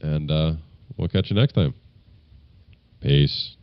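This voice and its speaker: Brief: very low-voiced male podcast co-host, loud and combative, dry lo-fi sound. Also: slow, dry recording. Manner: loud, argumentative. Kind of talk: casual political chat.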